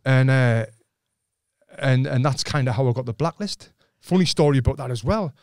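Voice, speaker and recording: A man telling stories as a podcast guest, full of swearing and lively retold dialogue. His voice sits at a middle pitch. The recording is close and dry, with no room sound. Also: moderate pace, clean tone, no echo. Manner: swears freely, retells dialogue with gusto. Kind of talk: casual storytelling chat.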